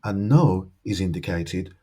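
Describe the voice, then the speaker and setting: A man teaching a language lesson, explaining grammar step by step and slowly modeling example sentences. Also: low voice, lively intonation, dark tone, slightly rough.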